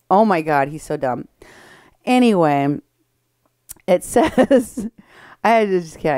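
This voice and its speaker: A woman hosting an opinionated political commentary show, talking briskly and sarcastically and laughing at her targets. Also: lowish voice, animated, darkish tone, no room sound, studio quality.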